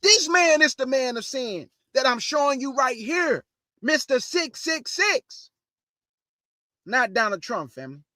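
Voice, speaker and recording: A preacher hosting an online show delivers a fired-up, emphatic message in a strikingly high, sharp, sing-song voice at normal speed with hardly any pauses. He talks slangily, repeats his points, asks rhetorical questions and keeps calling his listeners family, in dry sound with no room echo.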